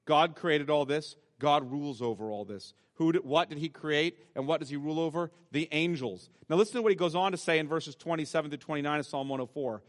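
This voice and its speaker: A man preaching a sermon as pastor, reading scripture aloud and slowing down to stress key words. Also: on the high side, in a large hall. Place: church sanctuary.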